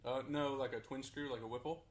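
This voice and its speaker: A man's voice: mid-range voice, fairly even intonation, fairly quick, reverberant, slight background noise. A man co-hosting a casual car podcast, explaining mechanics with playful analogies. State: out of breath. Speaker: podcast co-host. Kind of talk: casual shop-talk podcast.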